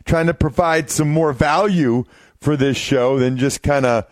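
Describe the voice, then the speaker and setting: A man's voice: on the high side, measured pace, no echo. A man hosting a fantasy football podcast, upbeat and exclamatory as he wraps up the show in casual chat. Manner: hyped, exclamatory, playful. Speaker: podcast host.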